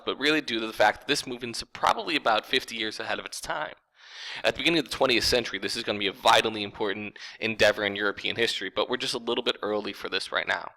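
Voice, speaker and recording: Man, history teacher, low-pitched, informal lecture delivery. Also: vocal fry, bright, forceful tone, poor audio. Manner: conversational, informal, addresses viewers as folks. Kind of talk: casual recorded lecture.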